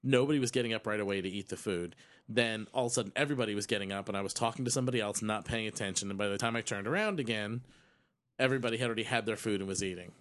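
Fast-talking excitable male podcaster. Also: fairly low pitch. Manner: talks fast, self-deprecating, excitable. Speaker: podcast co-host. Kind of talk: casual chat.

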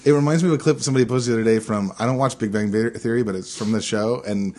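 A man's voice: medium pitch, fast talker, a little mellow. A man co-hosting a podcast in casual chat, blunt and opinionated. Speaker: podcast co-host.

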